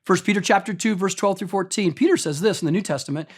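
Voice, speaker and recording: A man's voice: sits high, quick pace. A man preaching a conversational sermon as pastor, speaking straight to his congregation and often repeating words as he talks.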